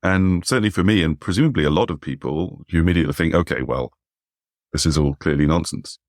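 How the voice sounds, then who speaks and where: A man's voice: very deep voice, fast, no echo, studio quality. A man in casual podcast chat, skeptical and thinking aloud with frequent restarts.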